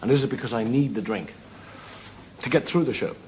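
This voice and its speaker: A man with an Irish accent telling rambling drunk jokes as a seated stand-up comedian, slipping into squeaky character voices. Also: brisk, a little mellow. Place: television studio with live audience. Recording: audience laughter, noisy broadcast recording.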